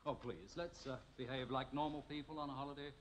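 A man's voice: mid-range voice, fairly even intonation, fast, a little hiss or hum, close to an everyday voice. A man playing James Bond, suave and wry. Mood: playful. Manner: smooth, teasing, dryly ironic. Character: suave British male spy, dry wit. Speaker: actor playing a spy in a TV comedy sketch. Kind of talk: 1960s TV comedy sketch acting. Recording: 1960s TV soundtrack with music.

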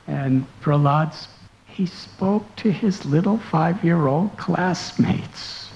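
A man's voice: on the high side, slow, vocal fry, a little mellow. Man, sermon storytelling, earnest and dramatic, dull lo-fi sound, faint background hum. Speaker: monk and spiritual teacher.

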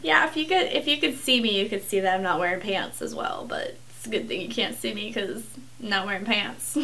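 A woman's voice: medium pitch, lively intonation, fairly quick, noisy background. A young woman vlogger rambling goofily through blooper takes, silly and giggly, stuffy with allergies. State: congested from allergies. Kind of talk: goofy blooper reel chat.

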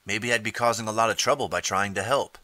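A nervous young time traveler from an interactive audiobook, read by a man in a low voice. He speaks hesitantly and thinks out loud in a crisp, dry recording. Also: steady tone, fast, dry recording. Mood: musing. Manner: hesitant, musing to himself. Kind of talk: audiobook character reading.

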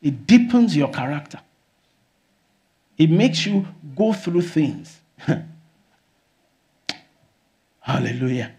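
A man preaching a sermon as pastor, often exclaiming hallelujah and rising to shouts. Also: on the high side, big pitch swings, takes it slowly.

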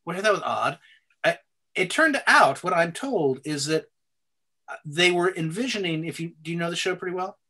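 An older man, a guest actor, chatting in a casual interview, animated and laughing, with stammering restarts and some swearing. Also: sits high, normal speed. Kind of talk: casual interview over a call.

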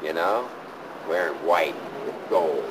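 A man talking aloud at his father's grave, halting and repeating himself in grief, recorded outdoors by a car. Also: low-pitched, background noise. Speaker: street hustler. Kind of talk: documentary monologue at a grave.

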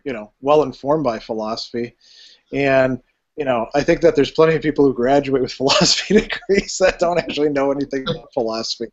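Hesitant male interviewer, muffled sound. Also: mid-range voice. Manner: thoughtful, hesitant, many fillers. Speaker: philosophy show host, interviewer. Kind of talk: casual interview.

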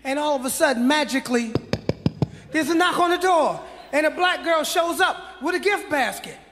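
A man's voice: extremely high pitch, animated, moderate pace, pushed and bright, in a large hall. A man, a guest comedian, telling his side of a story in a laid-back, chuckling way. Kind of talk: stand-up storytelling. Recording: live stage mic, crowd.

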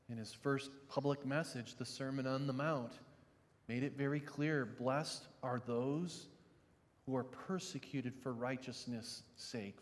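A male pastor's sermon fills a large hall, alternating between soft, low reflective passages and loud, emphatic preaching.

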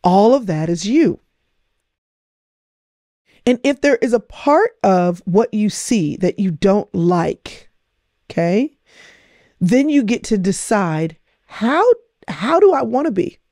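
A woman's voice: medium pitch, big pitch swings, slow pace, pauses often, dark tone, dry recording, studio quality. A middle-aged woman hosting a podcast, coaching her listeners with emphatic, repetitive phrasing. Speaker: podcast host. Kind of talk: motivational talk.

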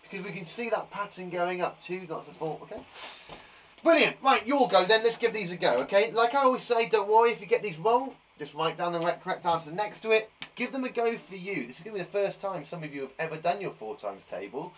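A man's voice: high-pitched, lively intonation, quick pace, fairly bright tone, a little hiss or hum, poor audio. A man from England teaching a live online maths lesson to young children, counting aloud and encouraging them with chatty asides. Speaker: primary school teacher.

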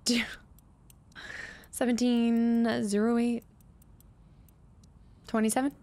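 A woman with a slightly high voice talks through her gameplay as a streamer. She mutters number combinations under her breath, chats with her viewers in a casual way and laughs often. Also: flat delivery, slow, mellow. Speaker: gaming streamer. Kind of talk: let's play commentary.

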